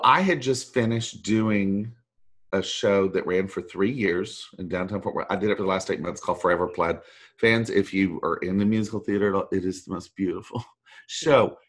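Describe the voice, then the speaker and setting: Rambling man telling stories. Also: on the low side. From Texas. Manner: animated, rambling storyteller who acts out quoted voices. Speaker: voice actor guest. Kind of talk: storytelling anecdote.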